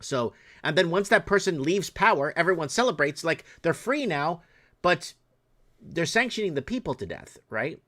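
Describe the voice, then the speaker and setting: A man's voice: fairly high pitch, big pitch swings, moderate pace, a bit bright. A man hosting a call-in show, blunt and argumentative, lecturing and cursing freely. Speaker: host. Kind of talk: opinionated call-in talk show.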